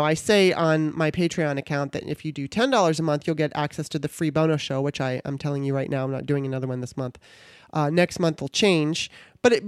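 In a clean studio recording with no echo, a low-voiced woman talks casually on her own podcast. Her monologue is chatty and irreverent, with the occasional curse word thrown in.

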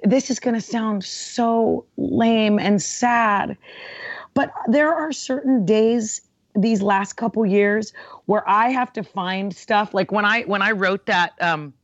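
A woman in casual chat, talking in an animated, gushing way and often trailing off mid-sentence. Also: mid-range voice, slow pace, dry recording, lo-fi sound.

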